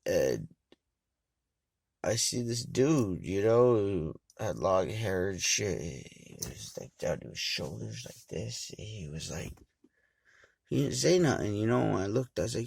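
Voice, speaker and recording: A man from Montana casually telling a rambling, profane story and getting loud and animated when he quotes people. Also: on the low side, takes it slowly, gravelly, husky, dry recording. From Montana, United States.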